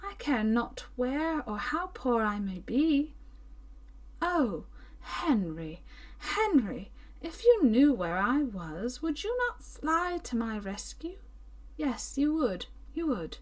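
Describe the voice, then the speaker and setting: A woman voicing a high, pleading captive woman. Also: very animated, normal speed, mellow. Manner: breathless pleading, whispered cries.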